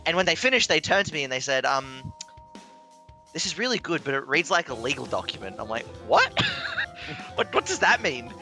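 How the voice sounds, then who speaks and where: A man telling a long personal story in casual chat, animated, swearing and laughing as he goes. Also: medium pitch, a little fast, faint music behind. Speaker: stream commentator.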